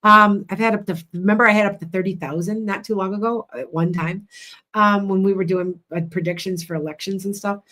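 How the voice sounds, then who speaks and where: A woman's voice: medium pitch, fairly even intonation, a little fast, sharp tone. Chatty Midwestern woman psychic streamer. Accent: Midwestern Chicago. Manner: chatty, blunt, rambling. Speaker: psychic livestream host. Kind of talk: casual livestream readings.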